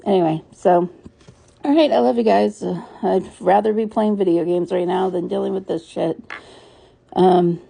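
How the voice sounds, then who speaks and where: A woman's voice: medium pitch, fairly even intonation, moderate pace, vocal fry, mellow. A woman vlogging in a rambling, candid, frazzled way, swearing freely as she talks. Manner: weary, frazzled. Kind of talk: casual vlog monologue.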